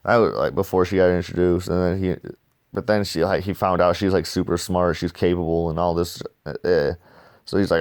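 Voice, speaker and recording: A slangy man rambling through a casual comic review, swearing often. His voice sits fairly low and sounds smooth and resonant. The sound is close and dry. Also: steady tone, brisk, darkish tone, no room sound. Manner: slangy, rambling, says dude a lot; swearing freely.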